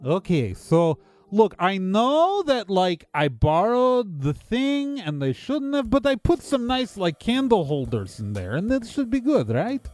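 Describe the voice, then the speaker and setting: A man voicing a scheming male goblin thief who pleads and justifies himself in a high, excitable voice. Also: no room sound, faint music behind. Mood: pleading. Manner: high, pleading, talks fast over others.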